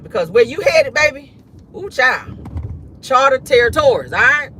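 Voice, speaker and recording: A man's voice: very high-pitched, big pitch swings, normal speed, bright, forceful tone, slight background noise. Sassy man dishing celebrity gossip. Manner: sassy, profane, frequent laughter, addresses viewers as "y'all" and "honey". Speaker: celebrity gossip show host. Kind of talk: casual celebrity gossip commentary.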